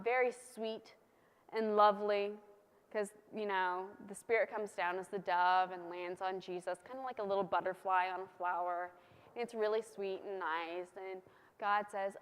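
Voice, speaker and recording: A woman's voice: medium pitch, a bit bright, clear, resonant tone. A woman preaching a sermon in a conversational, playful way, hammering key points through repetition. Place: church. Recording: long church reverb.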